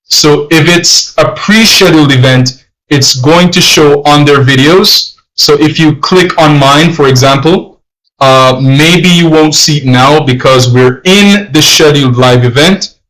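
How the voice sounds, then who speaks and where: At a measured pace, a man patiently teaches a language lesson over a live stream, explaining and repeating phrases in both Spanish and English. His voice is a little high and a bit bright, captured with poor audio.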